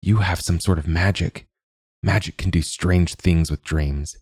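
A man's voice: low-pitched, steady tone, unhurried, darkish tone, husky, dry recording, studio quality, exaggerated voice. A man voicing a small male finch locked in a cage, curt and knowing. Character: small caged male finch, wary and cryptic.

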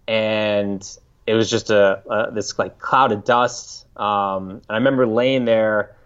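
A man in his thirties from the United States, a podcast guest recalling a story in a halting, reflective way, often restarting his sentences. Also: fairly low pitch, fairly even intonation, fairly bright tone, clear, resonant tone. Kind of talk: casual interview storytelling. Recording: slightly dull lo-fi audio.

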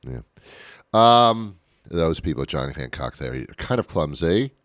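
A man's voice: a bass voice, big pitch swings, a little slow, a bit bright, slight background noise. A man hosting a radio talk show, rambling and joking at his own expense. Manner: rambling, self-mocking, jokey. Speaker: radio host. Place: radio studio.

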